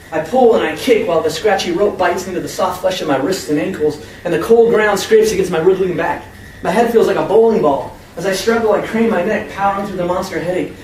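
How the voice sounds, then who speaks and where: A young American man reading his own first-person story aloud to a live audience, with expressive, emphatic delivery. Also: sits high. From United States. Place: convention room with an audience. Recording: echoey room, far from the mic, faint hum.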